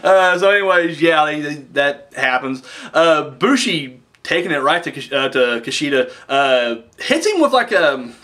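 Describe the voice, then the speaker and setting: Brief: young man, animated bright voice, rambling excitable recap. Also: fairly high pitch, moderate pace. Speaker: wrestling show reviewer. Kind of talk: casual recap chat.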